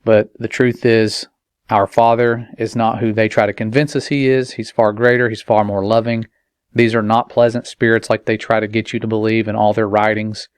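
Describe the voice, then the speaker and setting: A man's voice: fairly low pitch, little pitch movement, clear, resonant tone, no echo, clean studio sound. Earnest man giving a religious warning. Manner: earnest, measured, slows for emphasis. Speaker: parent and video maker.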